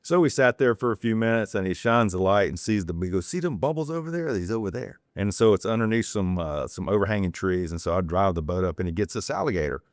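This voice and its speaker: A fairly low-pitched man tells loose, rambling stories as a podcast guest, restarting his sentences as he goes. He is from North Carolina and talks in a relaxed, chatty way. The sound is dry, with no room echo. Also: fast talker, few pauses. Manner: rambling, digressive anecdotes with restarts; acts out quoted people in a raised voice. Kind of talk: casual storytelling.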